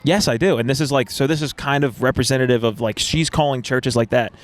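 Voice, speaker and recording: A young man talks fast and loose on a podcast, rambling through a story and slipping into the voices of the people in it. His pitch sits in the middle for a man. The delivery is casual and quick. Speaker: podcast co-host. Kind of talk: casual chat.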